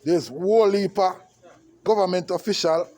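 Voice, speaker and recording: A man's voice: high voice, normal speed, a little mellow. A Jamaican man giving an impassioned political rant to camera, emphatic and repetitive, often checking in with his listener. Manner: emphatic and repetitive, with frequent tag questions. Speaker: vlogger.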